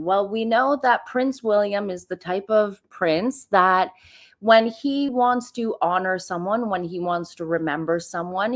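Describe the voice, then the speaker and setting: Chatty woman hosting a livestream. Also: mid-range voice. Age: 30s. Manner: chatty, rambling, greets chat viewers. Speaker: livestream host. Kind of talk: casual live-stream commentary.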